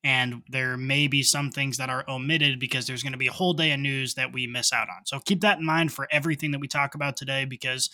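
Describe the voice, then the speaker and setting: A man's voice: mid-range voice, fairly even intonation, fast, hardly any pauses, sharp tone. A man co-hosting a podcast in casual chat, confident and matter-of-fact. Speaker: podcast co-host.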